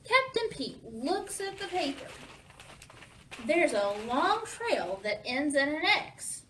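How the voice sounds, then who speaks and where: Animated woman reading to kids in pirate-talk. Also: sits high, slow, far from the mic, slight background noise, poor audio. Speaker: children's storytime reader. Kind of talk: reading a picture book aloud to kids.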